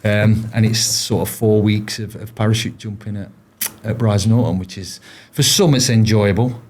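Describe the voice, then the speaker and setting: A man's voice: fairly low pitch, fairly even intonation, normal speed, darkish tone, slight background noise. A man, a former paratrooper, telling his stories in a casual interview, rambling with frequent restarts and fillers. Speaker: podcast guest, former paratrooper.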